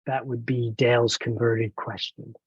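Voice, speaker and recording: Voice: mid-range voice, level tone, a little slow, breathy edge, no echo, highs cut off. A trainer leading an online training webinar, encouraging and explaining step by step over a video call.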